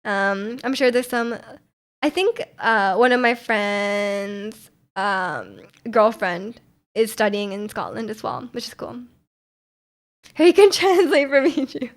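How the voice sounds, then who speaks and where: A woman's voice: fairly high pitch, slow. A young woman livestreamer in casual chat, rambling and laughing often as she answers her chat.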